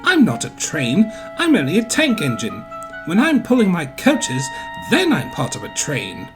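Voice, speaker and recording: A man's voice: high voice, huge pitch swings, normal speed, over music, voice pushed up. A man voicing a proud, indignant little male tank engine in a storybook. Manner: huffy, prim.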